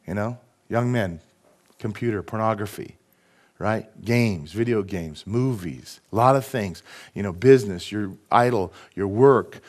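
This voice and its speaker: A middle-aged man preaching a sermon in a church, lively and conversational, with frequent asides to his congregation. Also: lowish voice, measured pace. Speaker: pastor. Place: church sanctuary.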